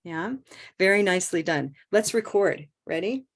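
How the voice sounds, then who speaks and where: A woman teaching English pronunciation in an online group lesson, encouraging and stretching out stressed words slowly. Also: on the low side.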